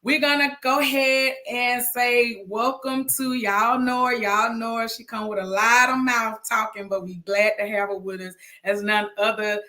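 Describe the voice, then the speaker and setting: A woman hosting a live-stream chat show, chatty and lively with frequent laughter. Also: fairly high pitch, moderate pace, few pauses. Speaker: host.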